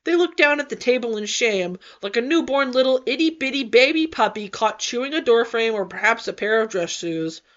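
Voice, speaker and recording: A woman with a fairly high voice narrates a fan-written story as an audiobook, lively and comic in her delivery. The recording sounds dull and lo-fi. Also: fairly quick, hardly any pauses. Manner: expressive, comic. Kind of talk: audiobook fanfic reading.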